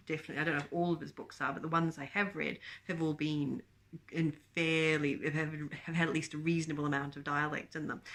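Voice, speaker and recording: A woman's voice: sits low, fairly bright tone. A woman, chatting casually about books to camera, rambling with many ums and frequent laughs. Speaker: book vlogger. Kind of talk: casual book chat to camera.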